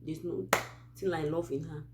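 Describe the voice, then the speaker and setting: A woman from Cameroon with a Cameroonian English accent, hosting a Christian advice channel and telling a true story in a casual, animated way with many asides. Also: low voice, moderate pace, background noise.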